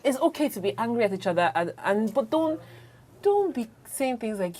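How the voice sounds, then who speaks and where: Animated woman in a panel talk. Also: on the high side, moderate pace. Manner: animated, laughing, acts out quoted arguments. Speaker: married guest on a talk show. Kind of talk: candid casual panel chat.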